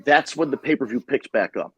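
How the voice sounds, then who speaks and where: A man's voice: medium pitch, lively intonation, fairly quick, a bit bright, slightly rough, no room sound, rough recording. A man hosting a podcast, talking in a casual, rambling and profane way with strong opinions. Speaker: podcast host. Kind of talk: casual chat.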